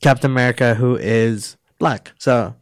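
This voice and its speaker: A man's voice: mid-range voice, steady tone, normal speed, no room sound. A man in casual chat, giving short agreeing replies and explaining in a loose, hesitant way. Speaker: co-host.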